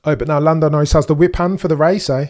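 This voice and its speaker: A young man hosting a live race watchalong, chatting excitedly to his viewers and reacting with slang. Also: fairly high pitch, fast. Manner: excitable, chatty, British slang, talks to chat. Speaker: livestream host.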